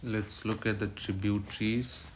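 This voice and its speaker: Loud background noise and clicks run under this exam-prep geography lecture. The lecturer is a man with an Indian English accent and a lowish, level voice, a little slow, who moves between English and Hindi and often checks in with "right?".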